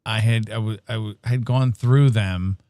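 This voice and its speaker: A man's voice: fairly low pitch, moderate pace, no room sound. A man co-hosting a casual podcast, telling a story with lots of laughter and acting out the voices he quotes. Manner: animated storyteller, laughs often, acts out quoted dialogue. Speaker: podcast co-host. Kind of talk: casual chat on a livestreamed podcast.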